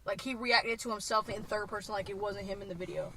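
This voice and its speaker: A young woman co-hosting a podcast, chatting casually and animatedly, swearing freely and acting out quotes in a loud voice. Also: mid-range voice, steady tone, fast, a little hiss or hum, rough recording. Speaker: podcast co-host. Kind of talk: casual chat.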